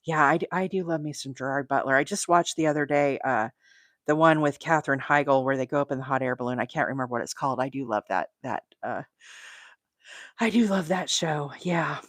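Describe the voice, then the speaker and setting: A woman's voice: sits low, brisk, dry recording, clean studio sound. A woman hosting a crochet livestream, chatting casually, rambling and laughing often. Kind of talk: casual live-stream chat.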